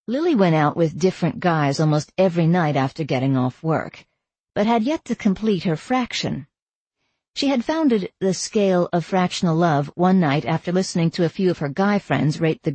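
Woman reading a chick-lit audiobook, lowish breathy voice, dead dry booth sound. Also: expressive, moderate pace, warm tone, dry recording. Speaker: audiobook narrator. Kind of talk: first-person audiobook narration.

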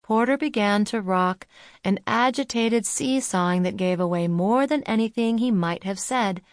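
Reading a novel aloud as an audiobook narrator, a woman keeps an even, measured pace from her script. Her medium-pitched voice comes through a dry, studio-quality recording.

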